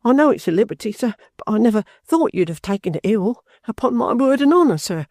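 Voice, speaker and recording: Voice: medium pitch, sing-song, a little slow, mellow, no room sound, clean studio sound, voice pushed up. A reader voicing a humble, earnest young man who stammers and keeps saying "sir" in a storybook reading. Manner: stammering, deferential, many "sir"s.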